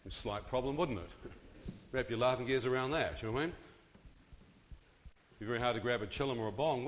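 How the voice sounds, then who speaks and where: A faint hiss or hum sits under this man's mid-range, fairly bright voice as he shares his testimony live. Engaging the crowd with questions and jokes, he speaks in a hall that has long reverb.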